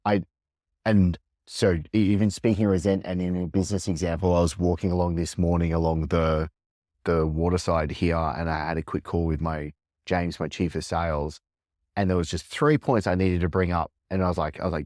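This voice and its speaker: Low-voiced male host in his thirties, reflective and searching, thinks aloud. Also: steady tone, a little fast, a little mellow, no room sound, clean studio sound. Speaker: podcast host. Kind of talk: reflective conversation.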